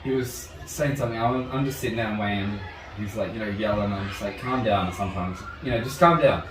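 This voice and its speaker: A young man rattles off a rambling story at a quick clip, swearing and laughing as he goes. He sits back from the mic in a roomy space. Steady background noise runs under his voice. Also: fairly low pitch, far from the mic. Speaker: martial arts instructor guest. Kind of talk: casual storytelling in conversation.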